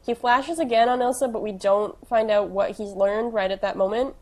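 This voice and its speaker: A woman's voice: fairly high pitch, steady tone, moderate pace, darkish tone. A woman co-hosting a podcast, recapping an episode in casual chat, teasing and laughing often. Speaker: podcast co-host.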